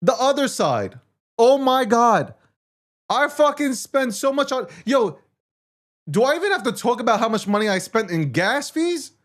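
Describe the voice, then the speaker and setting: A man's voice: very high voice, sing-song, moderate pace, fairly bright tone. A man hosting a casual market talk show, ranting in a profane, self-mocking way. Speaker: show host.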